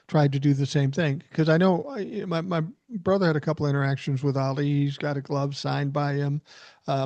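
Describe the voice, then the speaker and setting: A man co-hosting a casual podcast, telling animated stories and swearing freely. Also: fairly high pitch, no room sound, lo-fi sound. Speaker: podcast co-host. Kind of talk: casual storytelling chat.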